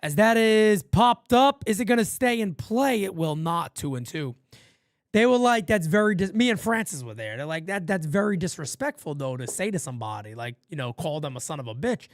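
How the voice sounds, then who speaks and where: A New York man hosts a fan stream, giving live play-by-play of a ballgame mixed with casual chat, his talk blunt, profane and street-flavored. He's animated at a moderate pace, swinging from loud calls to low asides, and the studio sound is clean with no room echo.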